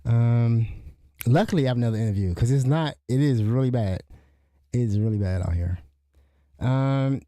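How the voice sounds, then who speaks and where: A man's voice: mid-range voice, dark tone, dry recording, studio quality. A middle-aged man hosting a podcast, talking in a rambling, indignant way with frequent restarts. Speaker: podcast host. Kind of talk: casual spoken commentary.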